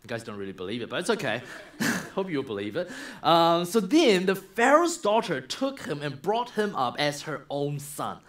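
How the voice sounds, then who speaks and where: A man in a church, preaching a sermon by retelling a story and acting out its scenes. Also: a little high. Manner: animated, acts out the story. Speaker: minister.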